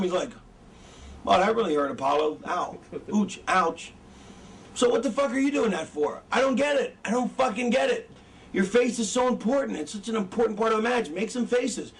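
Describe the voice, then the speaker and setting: A very high-pitched, animated middle-aged wrestling trainer talks fast as he teaches. He's casual and foul-mouthed, wandering off topic and losing his thread, and the distant mic picks up faint background noise.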